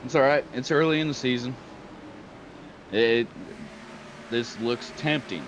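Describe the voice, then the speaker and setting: Chill guy co-commentating a race, mid pitch, lots of noise behind him. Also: measured pace, long pauses. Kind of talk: casual commentary chat.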